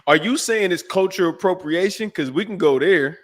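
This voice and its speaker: A man co-hosting a podcast, talking in an animated, teasing way and laughing often. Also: high voice, moderate pace. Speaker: podcast co-host. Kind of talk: casual chat.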